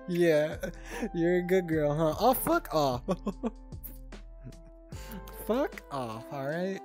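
A woman's voice: deep voice, sing-song, extremely slow, pauses often, darkish tone, soft background music. A woman streamer reading out chat messages in casual talk, giggling, flustered and swearing a lot, often stuttering.

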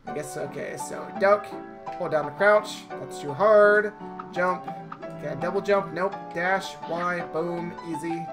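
A YouTube gamer chatting through a let's play, casual and self-deprecating, reading the game's story aloud. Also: mid-range voice. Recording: game music behind.

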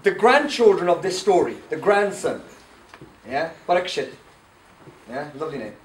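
Male camp speaker, high voice, animated storyteller, distant mic in an echoey hall. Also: moderate pace. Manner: animated storyteller, quizzes the audience. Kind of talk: lecture to teenagers at a youth camp. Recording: echoey room, far from the mic, faint noise.

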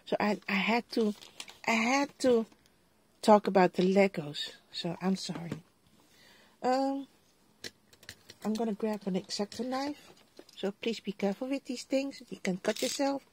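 A middle-aged woman with a Dutch accent unboxes craft supplies at her desk, talking straight to her viewers at an unhurried pace. She keeps exclaiming over each item in a chatty, homely way. A faint background noise sits under her voice. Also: medium pitch. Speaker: vlogger. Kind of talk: casual crafting haul unboxing.

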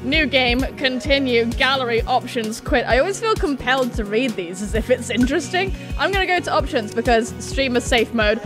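A young woman giving casual, gushing commentary on a video game she plays, bubbly and often giggling. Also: a little high. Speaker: let's play gamer.

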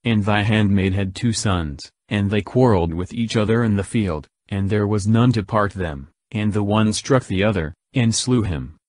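A man voicing a widow who pleads before a king, in a measured scripture reading, low and dry. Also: darkish tone, no room sound, natural voice. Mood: pleading.

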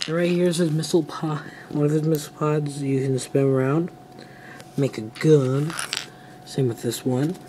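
A man's voice: on the high side, fairly even intonation, normal speed, dark tone, a little hiss or hum. A teenage boy casually reviewing toys, rambling and trailing off as he talks. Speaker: toy reviewer.

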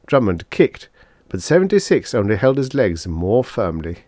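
A man narrating a vintage science fiction audiobook in an expressive storytelling read. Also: fairly low pitch, normal speed, dry recording, clean studio sound. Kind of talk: scripted narration.

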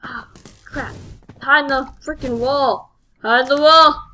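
A woman with a high, bright voice narrates a game live as a channel host. She talks in excitable bursts, exclaiming at each turn and poking fun at her own play. Her tone stays sharp and lively. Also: a little slow. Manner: excitable, exclaiming and self-mocking. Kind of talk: live gameplay commentary.

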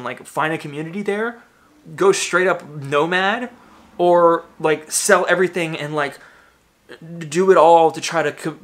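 Man, 30s, agitated rant, profane, rambling, slightly high voice. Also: a bit bright. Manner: agitated, swearing, rambling with many fillers. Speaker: vlogger. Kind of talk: ranting monologue.

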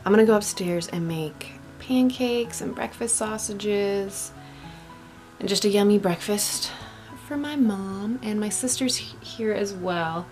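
Hushed, gravelly woman with morning voice. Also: mid-range voice, a little slow. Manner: soft and hushed, dropping to a whisper at times. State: morning voice, just woke up. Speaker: vlogger. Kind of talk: casual vlog talk to camera. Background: music playing.

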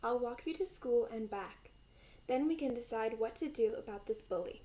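A woman voicing a kind, loving mother raccoon in a children's storybook, speaking gently and soothingly. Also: on the high side, moderate pace, close to an everyday voice, rough recording.

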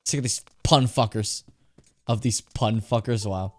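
A young man streaming a game live, talking casually in an excitable, jokey, profane way. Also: lowish voice, unhurried.

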